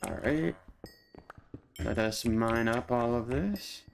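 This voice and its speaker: A gaming streamer chats casually and teases his viewers as he plays, joking, answering chat, and laughing often. His mid-range voice is slow and creaky, with faint music in the background.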